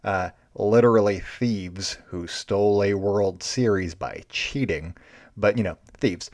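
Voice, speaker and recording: A man's voice: on the low side, slow, darkish tone, no room sound, studio quality. A man hosting a baseball show, giving unscripted, sarcastic commentary that turns into a rant. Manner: sarcastic, ranting. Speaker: baseball podcast host.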